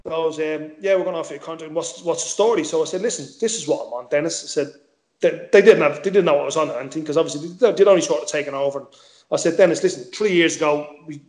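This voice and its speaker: A man's voice: fairly high pitch, a little mellow, roomy sound. A man casually telling a football story, swearing freely and acting out the dialogue. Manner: swears freely, tells stories with quoted dialogue. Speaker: former footballer guest.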